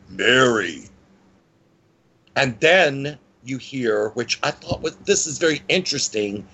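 Animated male storyteller. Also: slightly rough, low-quality recording. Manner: animated, with frequent pitch swings and restarts. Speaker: guest. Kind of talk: storytelling in conversation.

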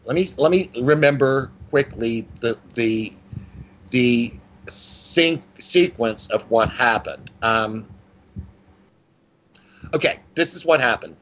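A man telling a personal story as an interview guest, in a lively conversational way with frequent restarts. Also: slow, long pauses, a little hiss or hum, low-quality recording. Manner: animated, with frequent pitch swings and restarts.

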